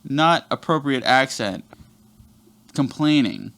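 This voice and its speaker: A man's voice: mid-range voice, animated, slow, fairly bright tone. A young man telling a rambling workplace story on a podcast, swearing constantly and talking animatedly. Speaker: podcast guest. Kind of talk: casual podcast chat, storytelling.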